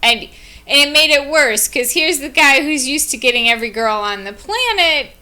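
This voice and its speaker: A woman co-hosts a casual podcast, with a high and bright voice. She speaks earnestly and offers sincere advice to her listeners. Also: expressive, normal speed. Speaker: podcast co-host. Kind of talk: casual chat.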